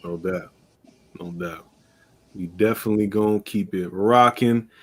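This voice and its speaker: A man's voice: on the low side, unhurried, slight background noise. Laid-back slangy man hosting a stream. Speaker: livestream host. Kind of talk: casual chat.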